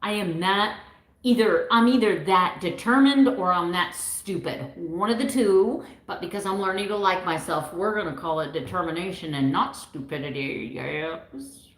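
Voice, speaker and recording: Animated woman vlogging in an echoey room. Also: on the low side, normal speed. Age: 50s. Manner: animated, quotes others in varied put-on voices. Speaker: keto vlogger. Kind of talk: heartfelt personal vlog monologue.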